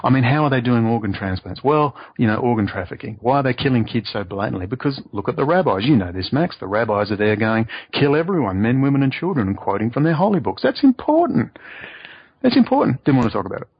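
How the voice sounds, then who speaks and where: A man speaking as a guest in a remote interview, excitable and ranting, his voice leaping up in pitch to stress points. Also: quick pace, hardly any pauses, husky, no echo. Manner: excitable, ranting, voice leaps up for emphasis. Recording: dull lo-fi audio.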